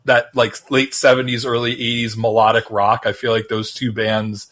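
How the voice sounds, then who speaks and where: Rambling, halting male podcast co-host. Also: mid-range voice, little pitch movement, a bit bright. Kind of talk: casual chat.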